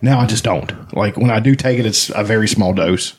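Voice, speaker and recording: A man's voice: fairly low pitch, a little fast, husky. A man in casual chat among friends, rambling and swearing freely. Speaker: podcast co-host.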